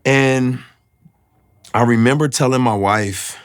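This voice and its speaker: A man sharing a personal faith testimony, earnest and confessional, often pausing to find his words. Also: medium pitch.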